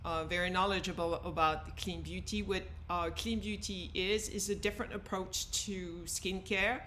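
Bright-voiced French woman, middle-aged. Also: fairly low pitch, slight background noise. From France. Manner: warm, reflective, frequent "you know". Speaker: guest, skincare company founder. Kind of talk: podcast interview.

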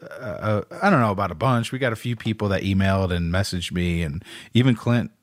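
Laid-back, low-voiced male podcast host. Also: a little fast, no room sound, studio quality. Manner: loose, laughing, swearing freely. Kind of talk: casual chat, reading listener rankings.

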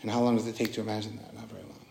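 A man's voice: fairly low pitch, little pitch movement, racing, gravelly, mellow, a little hiss or hum. A man leading a casual, earnest dharma talk as a meditation teacher, often restarting his sentences. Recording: roomy echoing hall.

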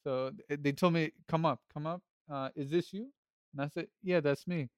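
A man's voice: fairly high pitch, fairly even intonation, normal speed, smooth, dry recording, clean studio sound. A man co-hosting a podcast, casually telling a story from his life. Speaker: podcast co-host.

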